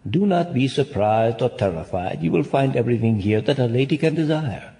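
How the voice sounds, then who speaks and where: A man's voice: medium pitch, expressive, a little fast, dark tone, slight background noise, natural voice. An actor playing a weary, sardonic nobleman damned to hell, in a classic stage-play delivery. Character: weary, ironic damned nobleman, male adult.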